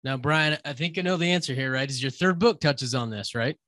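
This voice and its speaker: A man co-hosting a podcast, asking relaxed, conversational questions full of fillers. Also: mid-range voice, a little fast, no room sound, studio quality. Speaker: podcast co-host. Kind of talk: interview questions.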